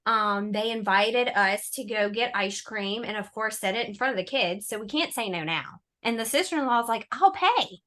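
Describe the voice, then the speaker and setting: Bright-voiced woman telling stories. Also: medium pitch, moderate pace, few pauses. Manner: animated, sarcastic, laughing storyteller. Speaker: podcast guest. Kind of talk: casual storytelling chat.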